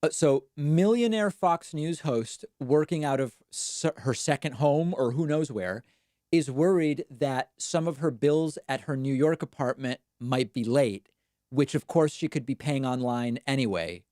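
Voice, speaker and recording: A man's voice: medium pitch, a little slow, a little mellow, dry recording, studio quality. A man hosting a live political commentary stream, talking back at clips with sarcasm. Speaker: show host.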